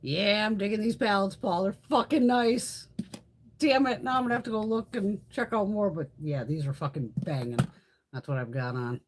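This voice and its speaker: A woman's voice: mid-range voice, moderate pace, slight background noise. A middle-aged woman hosting a beauty livestream, chatting casually, swearing freely and answering viewers. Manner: animated, swears freely, chats with live viewers.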